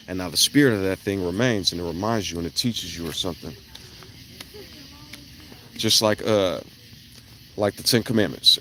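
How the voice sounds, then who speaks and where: A man, talking in a rambling, blunt monologue that swings into loud, emphatic bursts. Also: fairly low pitch, slight background noise. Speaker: vlogger. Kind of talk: casual monologue on an evening walk. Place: outdoors at night.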